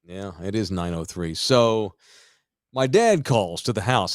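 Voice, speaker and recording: A man telling a wild story on a casual podcast, animated and swearing freely. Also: lowish voice, unhurried, no room sound, clean studio sound. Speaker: podcast host.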